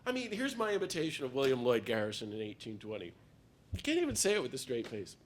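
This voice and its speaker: A man with a mid-range voice, a priest, speaks fast with huge pitch swings. He's giving a passionate, emphatic public talk to a peace group while he has a cold.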